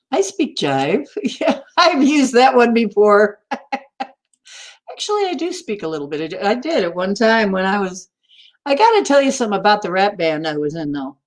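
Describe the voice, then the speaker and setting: A woman's voice: mid-range voice, animated, moderate pace. A woman hosting a casual chat, rambling and giggling between puns and jokes.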